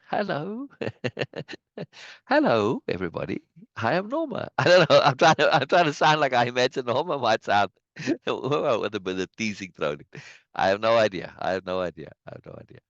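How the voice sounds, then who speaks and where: Animated man on a dull video call. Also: on the low side, no echo. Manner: emphatic, animated, laughing often. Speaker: host. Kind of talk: casual video-call chat.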